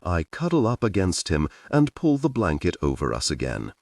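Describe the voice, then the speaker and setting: A man with a deep, low voice narrates a first-person audiobook, reading with lively expression. His pitch rises and falls dramatically across every phrase. The recording is dry, with the mic set a little away from him. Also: moderate pace, creaky, few pauses, no echo, recorded from a distance.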